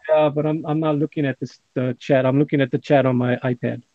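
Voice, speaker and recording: A man's voice: medium pitch, fairly even intonation, brisk, no room sound, narrow, tinny audio. Joking man reading a livestream chat. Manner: jokey, laughs often. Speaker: livestream host.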